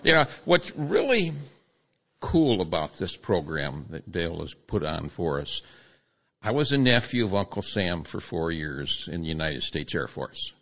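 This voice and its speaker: A man in his seventies with a very deep voice speaks earnestly to a veterans' gathering, sometimes stalling mid-phrase. His voice comes through a dull, muffled microphone. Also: sing-song, a little slow, fairly bright tone. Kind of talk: public remarks at a veterans' gathering.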